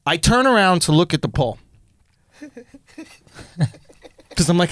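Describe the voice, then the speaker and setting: A man in his thirties, a comedian and podcast co-host, telling an animated, profane, comic story and laughing through it. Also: sits high, slow pace, no echo.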